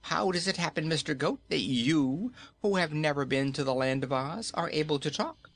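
A man's voice: a little high, moderate pace, a bit bright, faint music behind, pitched above the performer's own voice. A man voicing a kindly, wise old male wizard who exclaims and explains. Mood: curious.

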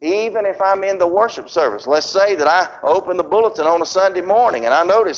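A man preaching a sermon. He reads scripture slowly and swings between loud, raised emphasis and low, quiet drops. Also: lively intonation. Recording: dull lo-fi sound.

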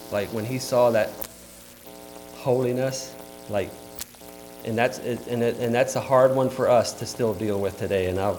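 Animated male preacher, loud and lively. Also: fairly low pitch. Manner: animated, swings from loud exclamations to quiet asides; conversational with fillers, asks the audience questions. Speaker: pastor. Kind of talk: sermon.

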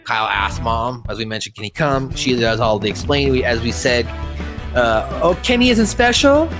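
A man hosting a podcast, casually recapping a cartoon episode in an animated way and swooping into quick impressions. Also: medium pitch, music in the background. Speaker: podcast host.

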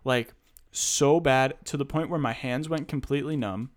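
Smooth-voiced young man telling a story. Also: mid-range voice, normal speed. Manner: animated storytelling, swearing, quotes himself. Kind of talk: casual chat.

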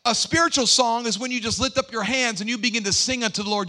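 A young man preaching a live sermon in a church, fervent and shouting, with call-and-response to the congregation. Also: very high voice, steady tone, quick pace, few pauses. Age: young adult. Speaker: pastor. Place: church sanctuary.

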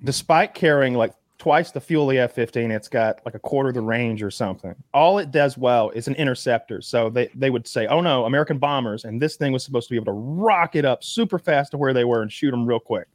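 A man's voice: mid-range voice, lively intonation, fairly quick, hardly any pauses, dry recording. A casual male podcaster, rambling storyteller, mid-range voice, dry recording. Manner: rambling storyteller, many restarts and fillers. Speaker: podcast co-host. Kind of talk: casual chat.

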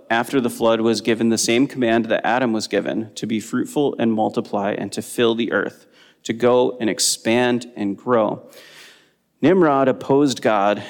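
A man teaching a Bible study lesson, explaining in a relaxed way with frequent ums. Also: mid-range voice, long reverb tail.

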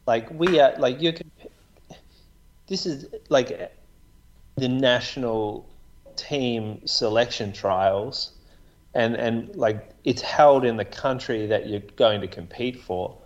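A man's voice: medium pitch, slow pace, dull audio. A man co-hosting a podcast, rambling casually with restarts and many "like"s. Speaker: podcast co-host. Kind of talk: casual chat about running.

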